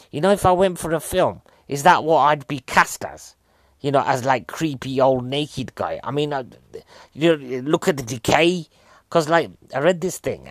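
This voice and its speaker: A man's voice: mid-range voice, dry recording, clean studio sound. A man, rambling jokily as a podcast host reviewing a film and poking fun at himself. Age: 40s. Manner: rambling, jokey, self-mocking. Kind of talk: casual film review chat.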